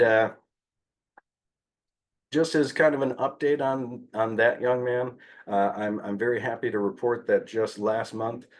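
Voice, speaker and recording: A man giving a conference talk as a behavior analyst, telling fieldwork stories in an animated way with frequent "uh" fillers. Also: on the low side.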